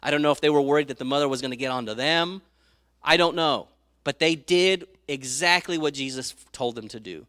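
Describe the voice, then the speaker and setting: A man preaching a sermon, retelling Bible stories with lively acted-out voices and reading scripture aloud. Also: fairly high pitch, brisk, no echo, studio quality. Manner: animated storytelling, acts out quoted speakers; reads scripture aloud in old-fashioned wording.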